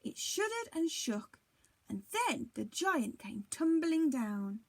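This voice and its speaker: A teacher reading a storybook aloud to young children in an expressive, dramatic way. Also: female voice, fairly high pitch, slow pace.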